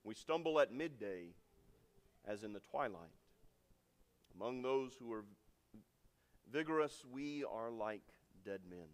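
A man preaching a sermon with dramatic swings from loud, emphatic lines to hushed endings. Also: medium pitch, smooth. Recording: long reverb of a large hall.

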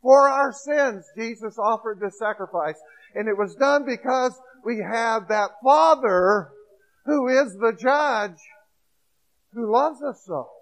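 A man preaching a sermon, swinging between hushed storytelling and loud, emphatic points. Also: very high-pitched, takes it slowly, poor audio.

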